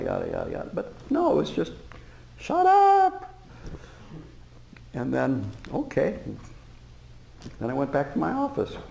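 A male Buddhist teacher gives a dharma talk, easing through his stories with fillers and soft chuckles. His voice is deeply gravelly, and its pitch rises and falls in a lively way. The room sound is roomy and reverberant, like a meditation hall. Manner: relaxed storytelling with frequent fillers and chuckles. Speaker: Buddhist teacher and former prison chaplain. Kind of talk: dharma talk to a live audience.

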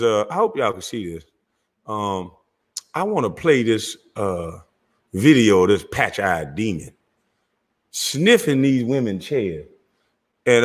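A man with a lively, swinging voice riffs crudely over video clips, heckling and cackling between lines. His voice rings out with a long hall-like reverb around it. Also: lowish voice. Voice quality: loud, crude and heckling, laughing often. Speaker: commentator reacting to clips. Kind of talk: rowdy comedic commentary.

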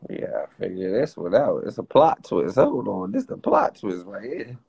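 A man's voice: fairly low pitch, wildly swooping pitch, moderate pace, creaky, darkish tone, breathy edge. A man from the Washington DC area on a casual livestream, joking and cursing, often breaking into laughter.

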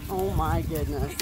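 A dog owner vlogger speaks in a low-pitched voice while filming her puppy outdoors in a yard. She coos, gushes, and laughs often in casual home video chat, captured on a low-quality recording.

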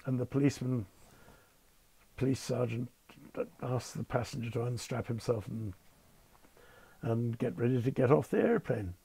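This older man's medium-pitched voice is creaky, dark and husky, moving at a moderate pace with frequent pauses. A retired Concorde captain from the UK, he tells wry, low-key anecdotes in an interview, phrased with British politeness.

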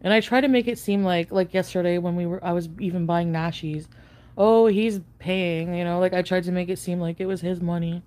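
A woman venting to camera in a rambling, profane confessional rant. She says she is high on an edible, and her speech is full of fillers and restarts. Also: steady tone, fast, few pauses, a little mellow. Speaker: online video creator.

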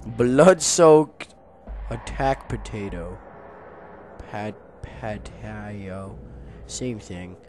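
A young man giving casual, jokey commentary while playing a video game, often yelling at enemies. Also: on the low side, extremely slow, pauses often, slight background noise. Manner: excitable, jokey, yells at enemies. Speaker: gaming YouTuber.

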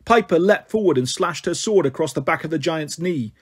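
A man reads a fantasy story aloud at a steady storytelling pace. His voice is husky and sits a little high. He carries the action along plainly. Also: fairly quick. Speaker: narrator. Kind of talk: audiobook reading.

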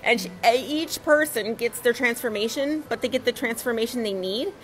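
A woman attendee joining a casual chat, talking in a chatty way and telling anecdotes with quick asides. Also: fairly high pitch, poor audio. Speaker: event attendee.

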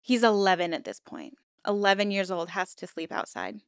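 Young female commentary host; indignant, emphatic delivery, clean smooth tone, dry booth sound. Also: mid-range voice, very animated, moderate pace, dry recording. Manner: indignant, emphatic, heavy use of "like". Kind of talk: true-crime commentary.

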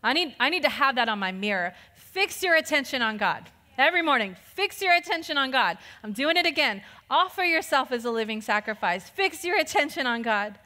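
A woman pastor giving a lively, conversational sermon, laughing often as she preaches. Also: high-pitched, a little fast, hardly any pauses, in a large hall.

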